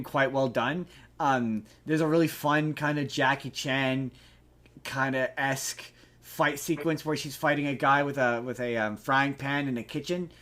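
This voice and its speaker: A man hosting a podcast, chatting casually about a movie in a rambling, animated way with lots of restarts and swearing. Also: fairly high pitch. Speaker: podcast host. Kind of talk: casual movie review chat.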